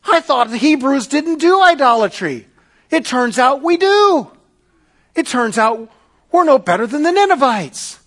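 A remorseful male prophet confessing his failings in a high, raised, pleading voice, as a preacher acts him out in a sermon. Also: very animated, measured pace, a bit bright, full character voice.

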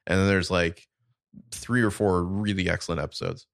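A man's voice: low voice, steady tone, normal speed, creaky, dry recording, clean studio sound. A man co-hosting a casual podcast chat, laid-back and rambling with fillers. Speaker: podcast co-host.

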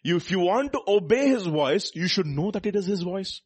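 Husky-voiced male preacher, animated. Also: high voice, brisk, no echo. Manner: emphatic, asks the listeners rhetorical questions; reads scripture aloud between comments. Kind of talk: sermon.

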